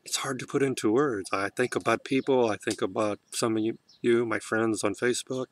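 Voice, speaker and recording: A man talking to his camera in a heartfelt spiritual monologue, soft and emotional, often halting and restarting. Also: medium pitch, fairly even intonation. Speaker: vlogger.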